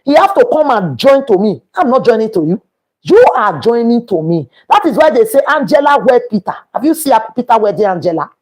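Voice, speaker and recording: Emphatic Nigerian woman, husky and lively. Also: on the high side, fairly quick. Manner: emphatic, quoting scripture, repeating points. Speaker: livestream host. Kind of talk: preachy live-stream talk.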